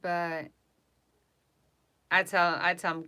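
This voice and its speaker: A woman host casually chatting on a home live stream, animated and cooing baby talk to her dog at times. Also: on the low side, unhurried.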